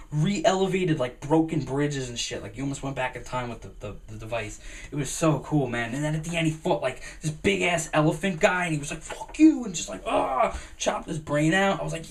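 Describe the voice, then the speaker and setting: A young man giving a rambling, excitable gaming commentary, full of fillers and swearing. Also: a little high, a little fast, recorded from a distance. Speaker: gaming vlogger.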